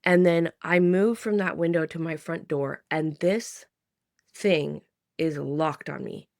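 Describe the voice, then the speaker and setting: A vlogger in her thirties tells a personal story to the camera in a chatty style, full of "like," restarts, and sighs. Her voice sits low, recorded in clean studio sound with no room noise.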